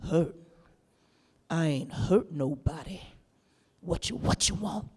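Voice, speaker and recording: A woman voicing a gruff, irritated older woman conjurer, low and unbothered in a flat, threatening drawl. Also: slow pace, in a large hall, a little hiss or hum.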